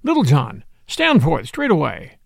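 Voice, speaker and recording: A man's voice: on the high side, huge pitch swings, takes it slowly, vocal fry, no echo, clean studio sound, heavily acted. A man voicing a jolly outlaw leader who teases with mock gravity, in an audiobook reading. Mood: mock-grave. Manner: teasing and mock-grave.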